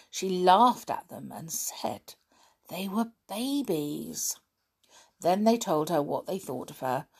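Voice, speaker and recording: A woman reading a children's story aloud in an expressive, lively storybook manner. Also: sits low, vocal fry, husky.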